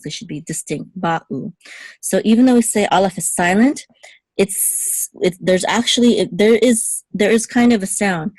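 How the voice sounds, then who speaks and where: A woman with a somewhat low voice leads a patient, step-by-step language lesson. She says each word slowly, repeats it to set the right way against the wrong one, and checks in with the listener often. The sound is dry and close, with no room around it. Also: a little mellow, no room sound. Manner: repeats words slowly to contrast pronunciations, frequent "okay?" checks. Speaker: Hebrew teacher.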